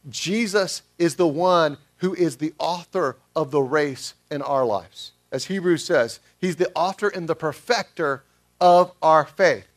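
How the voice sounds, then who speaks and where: A male pastor giving a sermon in a conversational way, asking the congregation questions. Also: sits high.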